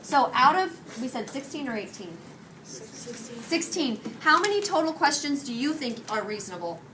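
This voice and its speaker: Woman teacher, slightly high voice, lively classroom questioning, distant noisy recording. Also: moderate pace. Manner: energetic, questioning students, mixing English and Spanish. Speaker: high school Spanish teacher.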